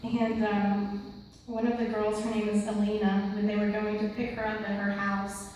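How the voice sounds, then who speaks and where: A woman's voice: mid-range voice, completely flat delivery, moderate pace, a little mellow, a little hiss or hum. A woman of twenty giving a church testimony, earnest and rambling with many fillers, close to tears. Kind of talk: mission trip testimony. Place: large church sanctuary. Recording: echoey hall from far off.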